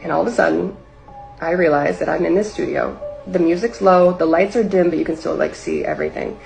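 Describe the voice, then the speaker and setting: A woman's voice: fairly low pitch, sing-song, brisk, vocal fry, darkish tone, soft background music, low-quality recording. A woman telling a personal story in casual livestream talk, rambling with lots of "like" and acting out her own past lines.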